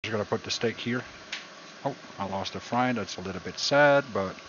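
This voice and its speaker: A man's voice: on the low side, brisk. A man cooking on a casual stream, rambling and joking and repeating himself as he works. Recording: dull lo-fi sound with background noise.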